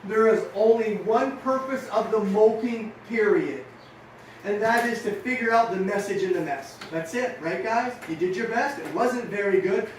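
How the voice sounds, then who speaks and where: High-voiced coach guy pumping up young riders, big echo, mic far off. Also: moderate pace, a little hiss or hum. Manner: energetic, storytelling, acts out dialogue. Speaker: riding coach. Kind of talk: motivational talk to young riders. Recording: echoey room, far from mic.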